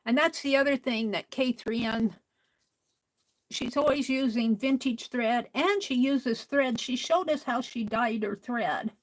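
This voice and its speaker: Woman crafting host, slow and soft-spoken, whispery asides to herself, slightly high voice. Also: rough recording. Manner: talks to herself while working. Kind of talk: casual chat while stitching.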